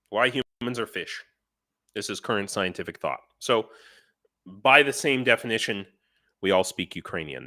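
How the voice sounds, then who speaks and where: A man's voice: lowish voice, bright, forceful tone, no echo, studio quality. A man hosting a casual live stream who also works as a teacher. He rambles, restarts his sentences and answers viewers by name.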